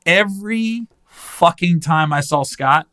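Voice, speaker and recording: Fortysomething guy hosting a podcast, bright tense voice, sits a bit high, cussing a lot while he tells a story. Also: slow pace. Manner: animated, acts out other people's voices in quotes, swears freely. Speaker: podcast host. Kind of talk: casual storytelling chat.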